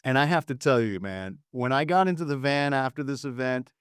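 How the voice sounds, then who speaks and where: A man telling a story in a casual podcast chat, animated and acting out the people he quotes. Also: brisk, clean tone, no room sound, clean studio sound. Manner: animated, acts out quotes with big pitch jumps. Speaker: former record promotion man, guest storyteller.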